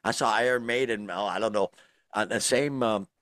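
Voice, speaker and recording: Rambling low-voiced man chatting. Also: moderate pace, fairly bright tone, no echo. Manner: rambling with many fillers and restarts. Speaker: podcast co-host. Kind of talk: casual chat.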